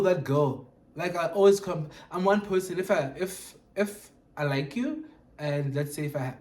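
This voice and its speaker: Gushing and animated, a vlogger chats casually through an unboxing, switching between English and Sesotho. The voice is mid-range, with a little hiss or hum in the background.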